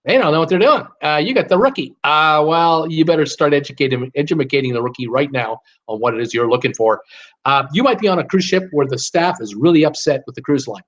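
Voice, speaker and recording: A man's voice: fairly high pitch, brisk, fairly bright tone, dull audio. An older man hosting a live cruise talk, giving blunt, fired-up advice in a ranting manner. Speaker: cruise vlogger host.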